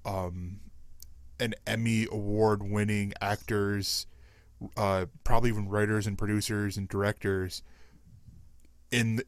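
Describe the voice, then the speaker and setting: A man hosting a podcast in casual chat, rambling and chatty and quick to laugh. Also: fairly low pitch, level tone, no echo. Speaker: podcast host.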